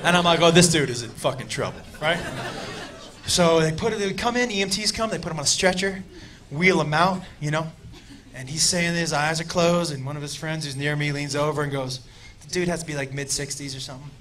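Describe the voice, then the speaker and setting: A man telling a profane story in a stand-up set, shouting his punchlines. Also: a little high, fairly even intonation, a little fast. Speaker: stand-up comedian. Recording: live club with loud crowd laughter.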